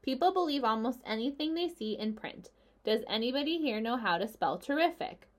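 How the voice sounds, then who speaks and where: A woman voicing a calm, clever female spider who leads a meeting, speaking in a crisp, dry and slightly stern way. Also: on the high side, fairly quick, voice pushed up. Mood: brisk.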